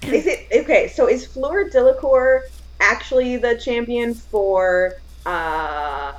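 A woman with a slightly higher voice answering trivia among friends. She hesitates and thinks aloud, trailing off as she tries to recall names. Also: slow, dull audio. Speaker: quiz contestant. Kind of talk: casual chat.

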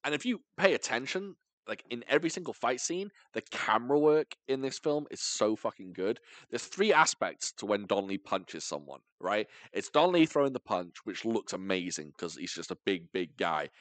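Male podcast host, casual reviewer, pitch swings all over, dry close sound. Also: big pitch swings, a bit bright, dry recording. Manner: enthusiastic, rambling, quick asides. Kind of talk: casual film review chat.

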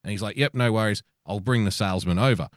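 A man with an Australian accent, co-hosting a live-streamed chat show and telling a lively story, swearing freely. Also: lowish voice, quick pace, no echo, studio quality. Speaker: podcast co-host.

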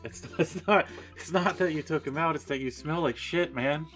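A man's voice: fairly high pitch, moderate pace, a bit bright, faint music behind. A man playing a tabletop role-playing game, talking in a blunt, exasperated way. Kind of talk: in-character tabletop role-play.

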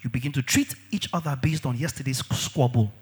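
This preacher is brisk and husky, delivering his sermon energetically. He shouts at times and sinks to a low voice at others, repeating phrases to stress them.

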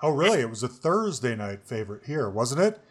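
Forties male host; chatty, rambling, mid-pitched, quick to laugh. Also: sing-song, breathy edge. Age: 40s. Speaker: podcast host. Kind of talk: casual chat.

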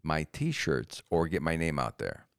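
A man's voice: a bass voice, very animated, a little slow, vocal fry, clean tone. A man co-hosting a comedy podcast, rambling through absurd schemes in casual chat. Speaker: podcast co-host.

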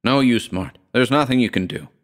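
A man's voice: medium pitch, normal speed, pitched above the performer's own voice, lightly acted. A man voicing a haggard young man who speaks brusquely and defensively in an audiobook story. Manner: snapping, tense, defensive.

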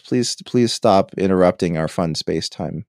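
A man co-hosting a podcast in casual chat, talkative and quick to laugh. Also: deep voice, a little mellow, no room sound, studio quality. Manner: chatty, laughs often, quick asides. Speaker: podcast co-host.

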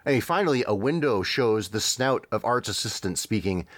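A man's voice: on the low side, expressive, moderate pace, no echo. A man co-hosting a podcast in casual chat, describing a video clip in a wry, chuckling way with frequent fillers. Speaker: podcast co-host.

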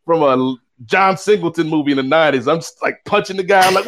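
Guy telling a wild story on a podcast, kinda high voice, acts out everyone. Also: fast talker. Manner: lively, acts out quoted voices with big pitch swings. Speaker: guest co-host. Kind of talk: animated storytelling.

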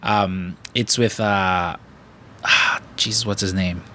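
A man's voice: low voice, fairly even intonation, takes it slowly, bright, forceful tone, a little hiss or hum. An American man in his thirties from the Chicago area, chatting casually as a podcast host in a rambling, enthusiastic way. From Chicago area, USA. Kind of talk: casual chat.

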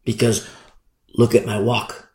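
A man's voice: lowish voice, monotone, slow, darkish tone. A man preaching a sermon, emphatic and fond of repeating phrases for effect. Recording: echoey room.

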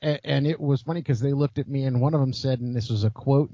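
Man, casual chat guest, mellow husky voice, dry dull lo-fi sound, rambling storyteller. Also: medium pitch, steady tone, quick pace, no echo. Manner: rambling, stumbles and restarts, storytelling.

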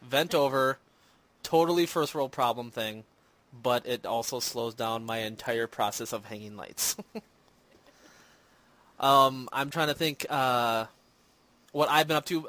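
A man's voice: mid-range voice, bright, forceful tone. Man casually hosting a movie podcast. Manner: rambling, self-deprecating, lots of fillers. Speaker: podcast host. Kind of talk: casual chat. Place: home in Minnesota.

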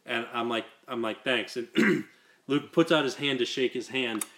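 A man's voice: mid-range voice, normal speed, pushed and bright. Rambling storytelling man. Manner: rambling, repeats words, laughs through stories. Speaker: podcast host. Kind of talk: casual storytelling chat.

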